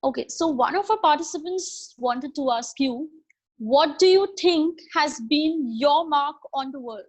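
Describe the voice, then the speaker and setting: A woman's voice: sits high, measured pace, rough recording. A woman moderating a conference question round, polite and formal.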